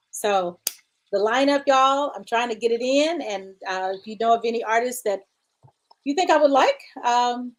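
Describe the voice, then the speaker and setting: Woman host, casual and chatty with listeners, a touch high-pitched. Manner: chatty, addresses listeners as y'all. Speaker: talk show host. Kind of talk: casual show hosting.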